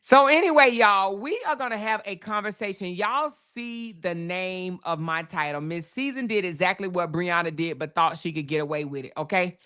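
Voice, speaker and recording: A woman hosts a live stream in a loose, chatty way, stretching out words and laughing easily as she talks to her viewers. Her voice is bright and forward. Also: fairly low pitch, moderate pace, hardly any pauses. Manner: chatty, drawls names, reads super chats aloud, laughs often. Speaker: livestream host. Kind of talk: casual live chat with viewers.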